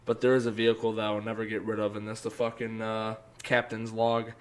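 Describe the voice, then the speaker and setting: A man's voice: lowish voice, completely flat delivery, quick pace. A young man co-hosting a podcast, rambling and swearing through stories with frequent laughter. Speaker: podcast co-host. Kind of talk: casual chat.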